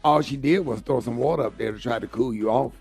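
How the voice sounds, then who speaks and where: A man's voice: mid-range voice, gravelly, darkish tone, husky, faint music behind. A man hosting a morning radio show, playful, joking and riffing with his co-hosts. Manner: playful, quick to joke and riff. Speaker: host.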